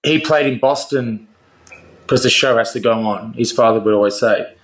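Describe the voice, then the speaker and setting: A man's voice: mid-range voice, moderate pace. Man chatting loosely in a roomy space. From Australia. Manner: laughing, swearing, rambling with restarts. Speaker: guest rock singer. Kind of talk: casual interview chat. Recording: roomy echo.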